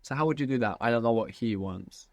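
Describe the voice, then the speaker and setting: A man's voice: medium pitch, fast talker, gravelly, no echo. A man teaching a language lesson, patiently prompting his student with questions.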